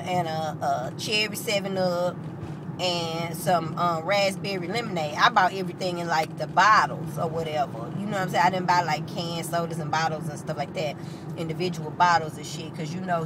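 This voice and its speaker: A woman with a St. telling a personal story in a casual, animated, profane way. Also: fairly low pitch, noisy background.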